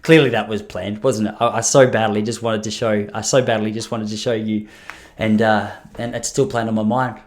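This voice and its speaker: A man's voice: on the low side, little pitch movement, normal speed. A man in his thirties hosting a podcast, rambling through stories with self-deprecating jokes. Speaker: podcast host. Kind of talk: casual comedic solo podcast monologue.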